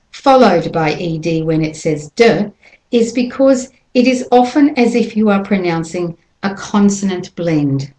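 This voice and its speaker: A woman teaching English pronunciation, speaking carefully and modelling words slowly for listeners to copy. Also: lowish voice, a little mellow, echoey room, poor audio. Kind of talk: slow instructional lesson with repeated examples.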